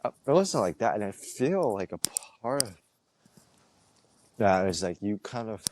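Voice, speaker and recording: A young man with a deep, low voice talks through a loose, rambling solo podcast episode. He is laid-back and slangy, leaning hard on filler words, with a faint noise floor behind him. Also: sing-song, unhurried, a little mellow. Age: young adult. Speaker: podcast host. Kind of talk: casual rambling monologue.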